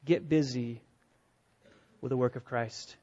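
A male pastor preaching a sermon, emphatic, with rhetorical questions, dropping to a hush and then rising to loud, urgent stretches. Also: mid-range voice, slow. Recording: dull lo-fi recording.

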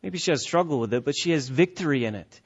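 High-voiced preaching man, emphatic. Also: animated, fast talker, slightly rough, highs cut off. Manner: emphatic, repetitive preaching with rising and falling intensity. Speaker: pastor. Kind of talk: sermon.

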